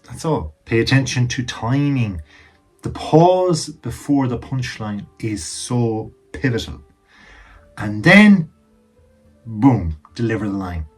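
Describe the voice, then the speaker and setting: A man talks through tips on telling jokes in a loose, chatty way, leaning on emphasis and throwing in wry asides. His voice has a husky edge and sits at an ordinary pitch for a man. Soft music plays faintly underneath. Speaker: presenter giving joke-telling advice. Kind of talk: casual advice talk to camera. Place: indoors, seated.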